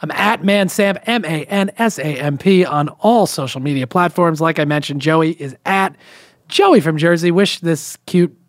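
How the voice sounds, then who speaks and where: Young guy hosting a podcast, high voice, jokey and animated, dry close sound. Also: no room sound. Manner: animated, jokey, quick to laugh. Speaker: podcast host. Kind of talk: casual chat.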